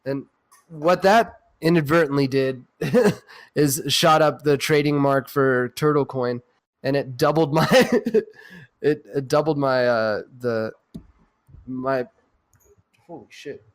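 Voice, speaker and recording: A man co-hosting a podcast, chatting casually with crude, excitable banter and frequent laughs. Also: medium pitch, slow. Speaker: podcast co-host.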